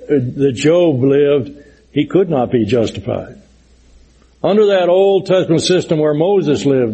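Middle-aged man, preacher, Bible lesson; husky, mellow tone, earnest and emphatic. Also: fairly high pitch, low-quality recording. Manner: earnest, explanatory, emphatic with scripture quotes. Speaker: preacher teaching a Bible study. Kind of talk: sermon-style Bible lesson.

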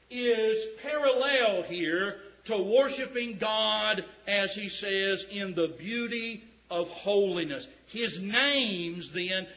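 Male preacher, emphatic drawn-out scripture reading, high bright voice. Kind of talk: sermon. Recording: dull lo-fi recording.

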